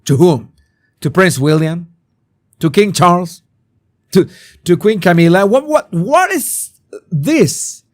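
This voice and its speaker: A hoarse man, hosting a live-stream commentary and talking animatedly with rhetorical questions. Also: fairly high pitch, darkish tone. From Venezuela. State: hoarse, sore throat. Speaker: host.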